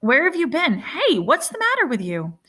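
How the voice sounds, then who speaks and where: A protective older brother speaks in a soft, coaxing way, his voice lifted and warm with concern, as a woman narrating a story voices him. The pitch sits noticeably above her own reading voice. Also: wildly swooping pitch, moderate pace, full character voice. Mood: worried. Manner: coaxing, tender. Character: protective older brother, young man, gentle.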